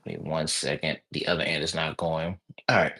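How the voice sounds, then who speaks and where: A man with a Southern accent hosting a live podcast interview, talking in an animated, enthusiastic way. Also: extremely low pitch, normal speed, breathy edge. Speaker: podcast host.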